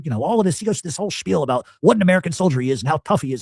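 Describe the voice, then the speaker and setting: A man's voice: a little high, rapid-fire, vocal fry, hardly any pauses, breathy edge, no echo, studio quality. A man telling a long, profane family story in casual talk, animatedly acting out what people said. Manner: profane, animated, acts out quotes.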